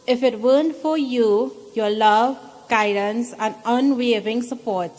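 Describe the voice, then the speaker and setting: A woman giving a heartfelt birthday speech to her father at a temple gathering, halting and emotional at times. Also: fairly high pitch, darkish tone, in a large hall. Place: temple hall.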